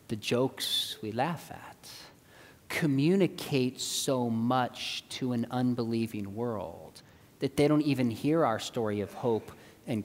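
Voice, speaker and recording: Animated man speaking in a church hall. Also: mid-range voice. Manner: animated, acts out dialogue in quoted voices. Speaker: apologetics speaker. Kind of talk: church seminar talk with storytelling. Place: church auditorium. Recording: long reverb of a church hall.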